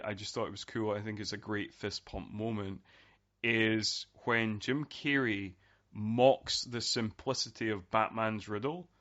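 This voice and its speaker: A man around forty chats loosely about a film, stumbling over fillers and restarts as he warms up. His voice is bright and forward, heard through dull, lo-fi podcast audio. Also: on the low side. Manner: rambling, many fillers and restarts, grows animated. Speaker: podcast co-host. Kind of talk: casual movie discussion.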